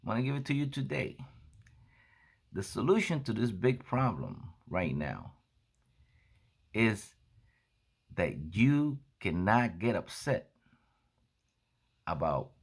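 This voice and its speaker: A man with a lowish voice tells a story at a slow, unhurried pace in a casual monologue. His pitch rises and falls widely as he acts out the back-and-forth of the conversation. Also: very animated, gravelly, breathy edge. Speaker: coffee seller and vlogger.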